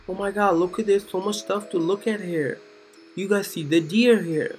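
A woman's voice: mid-range voice, moderate pace, soft background music. A woman narrating a children's cartoon in a gushing, exclamatory way, keeps asking the young viewers questions. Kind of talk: chatty commentary for children.

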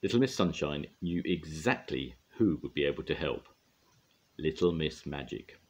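An older man gently and expressively reading a children's story aloud. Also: rumbling low, expressive, moderate pace, breathy edge. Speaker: storyteller grandad.

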